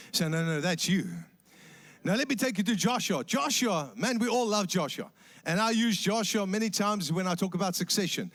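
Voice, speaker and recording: A man with a South African accent preaching a sermon in church, telling jokes and acting out voices in his stories. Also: high voice. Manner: animated storytelling with acted voices and jokes.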